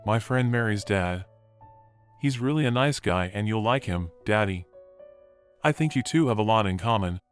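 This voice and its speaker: A man's voice: on the low side, expressive, moderate pace, soft background music, lightly acted. Man voicing a tearful pleading young daughter. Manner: pleading, apologetic.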